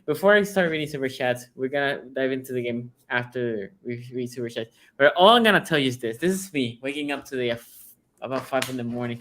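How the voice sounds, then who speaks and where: A man's voice: medium pitch, fairly bright tone. A man hosting a casual sports podcast, chatty and often tagging his points with "right?". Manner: chatty, peppers talk with "right?". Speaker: podcast host.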